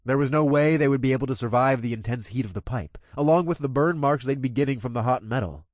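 A man's voice: mid-range voice, quick pace, no echo, clean studio sound. A man narrating a gritty first-person story with crude, coarse language.

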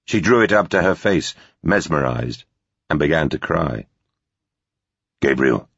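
A man narrating a thriller audiobook in a measured, grave way. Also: a bass voice, lively intonation, gravelly, fairly bright tone, breathy edge, dry recording. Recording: dull, slightly lo-fi recording.

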